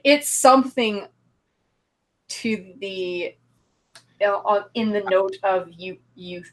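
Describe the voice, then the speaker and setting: A woman's voice: medium pitch, slow. A woman co-hosting a podcast, chatting casually and emphatically about a horror movie. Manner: animated, emphatic, laughs easily. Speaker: podcast co-host.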